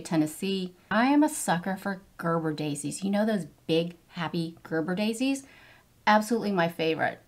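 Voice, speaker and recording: Fifties woman, beauty vlogger, low-pitched and effusive, talks viewers through a makeup routine with eager praise. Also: darkish tone. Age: 50s. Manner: gushing, enthusiastic product praise. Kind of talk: get-ready-with-me makeup tutorial.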